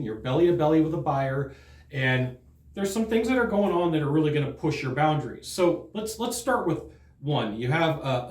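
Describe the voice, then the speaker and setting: Male sales trainer with a slightly high voice, earnest and casual, prone to restarts, recorded in a roomy space. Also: a little mellow. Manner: earnest, conversational, repeats words when restarting. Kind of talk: direct-to-camera training talk.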